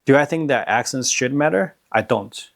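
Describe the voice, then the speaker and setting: A man's voice: mid-range voice, animated, normal speed, vocal fry, slight background noise. A man hosting and explaining to camera in a casual way, peppering his talk with "like" and "right". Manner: casual, many fillers like "like" and "right". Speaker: host and language teacher.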